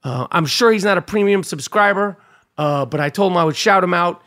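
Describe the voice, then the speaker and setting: A man's voice: high voice, fairly quick, a bit bright. A man hosting a podcast, telling a rambling, profane story in a casual monologue. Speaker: podcast host. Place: New York.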